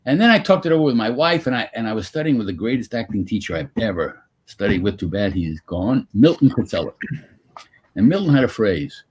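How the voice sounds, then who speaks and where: An older man telling stories from his acting career as a guest in a video-call Q&A, in an animated, anecdotal way. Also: fairly low pitch, brisk, a little hiss or hum. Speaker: guest actor.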